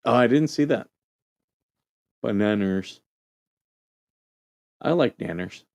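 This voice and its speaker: A man who served as a Marine, hosting a casual call-in show and telling a story in a relaxed, rambling way with lots of fillers. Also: on the low side, slow pace, no room sound, clean studio sound. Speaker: show host, Marine veteran.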